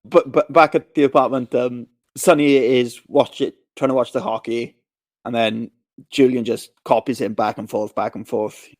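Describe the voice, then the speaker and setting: A man co-hosting a podcast, casually recapping a film and acting out its scenes in quick voices. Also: medium pitch, steady tone, a little mellow. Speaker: podcast co-host. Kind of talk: casual movie recap chat.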